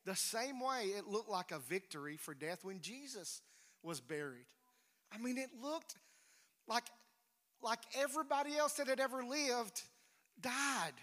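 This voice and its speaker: A man preaching a sermon, emphatic, swinging between loud declarations and hushed near-whispers. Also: extremely high pitch, lively intonation, measured pace. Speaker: pastor. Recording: reverberant hall.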